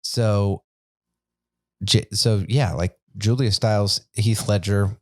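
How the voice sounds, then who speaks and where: Rambling podcast co-host, casual man, lower-pitched, dry recording. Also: steady tone, slow, no echo. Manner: rambling, many likes and restarts. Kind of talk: casual chat.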